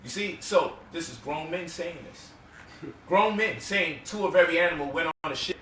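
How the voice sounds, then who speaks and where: Bright-voiced man in an echoey room. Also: on the high side, moderate pace, a little hiss or hum. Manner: rhetorical questions, mocking quotes. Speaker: guest speaker. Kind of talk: impassioned lecture-style talk. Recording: echoey room, mic at distance.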